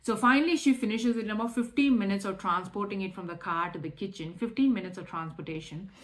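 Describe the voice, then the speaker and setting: A woman's voice: medium pitch, quick pace. A young adult woman telling a personal faith testimony in a candid, emotional way, with frequent restarts and fillers. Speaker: testimony speaker.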